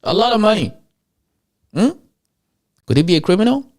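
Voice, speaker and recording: A man with an African accent hosting a show, talking to his audience in an animated rant full of rhetorical questions. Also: high-pitched, moderate pace. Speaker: show host. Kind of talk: animated ranting commentary.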